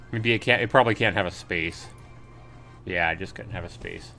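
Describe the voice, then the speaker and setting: A man's voice: deep voice, moderate pace, sharp tone, faint music behind. A man live-streaming a game, reading on-screen text aloud and chatting casually with viewers as he plays. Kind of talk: live gameplay commentary.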